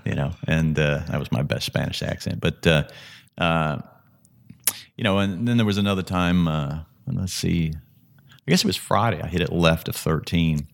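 A man's voice: low voice, moderate pace, vocal fry. A middle-aged man, a golf analyst and podcast guest, telling stories vividly with frequent restarts. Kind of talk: conversational storytelling.

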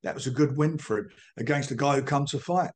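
A man's voice: medium pitch, quick pace, a little mellow. Blunt older man, combative and emphatic. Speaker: boxing promoter. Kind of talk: podcast interview answers.

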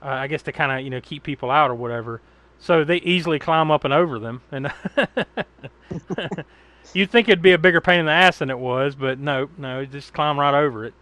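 A man's voice: on the high side, brisk, bright, forceful tone, dry recording. A man from the United States hosting a podcast, recapping a film in rambling casual chat, laughing often and swearing freely. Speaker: podcast host.

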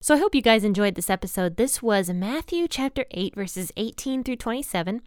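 A woman hosting a Bible podcast, walking through verses in a relaxed, conversational way with everyday phrasing. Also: medium pitch, fairly quick, smooth, no room sound, clean studio sound. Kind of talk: casual Bible study teaching.

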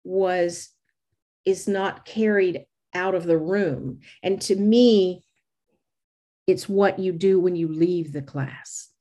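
An older woman with a Southern American accent, speaking slowly and thoughtfully as an interview guest. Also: on the low side, mellow. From United States. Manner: measured, slow, thoughtful delivery. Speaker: yoga teacher, interview guest. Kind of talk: reflective conversational interview.

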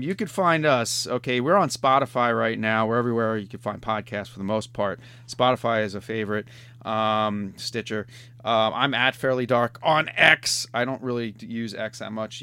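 A man's voice: mid-range voice, moderate pace, pushed and bright, clean tone. A middle-aged man hosting a podcast in casual, rambling chat, often tacking on "man". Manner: rambling, laid-back, says "man" a lot. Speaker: podcast host.

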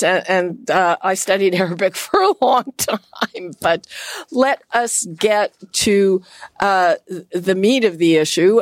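Woman radio host, unhurried delivery, dry close sound, exacting about getting words right. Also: mid-range voice, no room sound. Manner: measured, precise about pronunciation. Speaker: radio talk show host. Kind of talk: radio interview.

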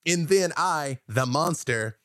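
A man's voice: a little high, slow, no echo, clean studio sound. A man guest on a podcast, animatedly telling tabletop game stories and acting out his players. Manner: animated storyteller, acts out players' lines. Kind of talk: casual podcast interview.

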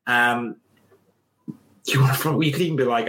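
A man's voice: normal speed, long pauses. A young man co-hosting a casual chat show, giving career advice and acting out little scenes in a raised voice. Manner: animated, acts out little scenes in a higher voice.

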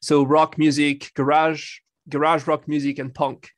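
A man's voice: on the high side, little pitch movement, unhurried, no echo. A man from France with a French accent, speaking as a guest on a casual podcast, friendly and self-deprecating. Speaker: guest, law professor.

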